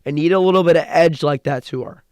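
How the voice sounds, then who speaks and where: A young man co-hosting a podcast, recapping wrestling in an excited, rambling way with frequent restarts. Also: a little high, fast, smooth. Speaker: podcast co-host. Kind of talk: casual chat.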